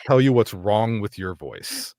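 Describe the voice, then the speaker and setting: A man talking as a guest on a podcast in casual chat, chatty and animated with quick asides and laughs. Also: on the low side, a little hiss or hum.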